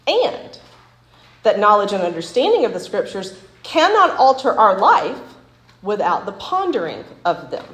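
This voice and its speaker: A woman's voice: mid-range voice, big pitch swings, a little slow, fairly bright tone. Chatty, laughing woman teaching Bible study. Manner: chatty, laughing, full of "like" and "right?". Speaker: women's Bible study speaker. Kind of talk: casual teaching talk with stories. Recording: echoey room.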